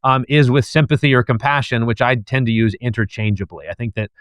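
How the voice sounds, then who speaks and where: A man who is a guest author and professor thoughtfully lays out an analogy step by step during a discussion. He speaks briskly in a medium-pitched, fairly bright voice, with no echo.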